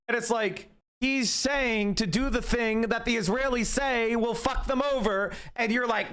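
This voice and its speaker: A man with a high voice rants about politics on his stream. He is combative and mocking, swearing freely as he hammers his point. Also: moderate pace, fairly bright tone, smooth. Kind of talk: heated political rant.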